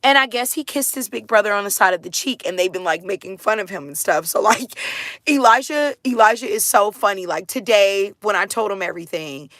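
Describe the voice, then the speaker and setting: A woman talking casually with viewers, chatty and animated, laughing often and saying "like" and "dude" a lot. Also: medium pitch, a little fast, no room sound, studio quality. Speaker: mother sharing her family life.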